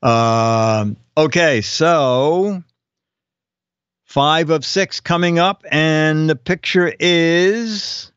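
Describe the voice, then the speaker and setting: A man's voice: fairly high pitch, drawn-out words, a bit bright, clear, resonant tone, no room sound, lo-fi sound. An older man hosting a casual live show, reading viewers' joke captions aloud and chuckling between them. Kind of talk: casual comedic live-stream chat.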